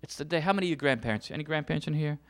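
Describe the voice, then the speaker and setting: A man's voice: a little high, rapid-fire. A middle-aged man preaching a passionate sermon, full of restarts and repetitions. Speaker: pastor.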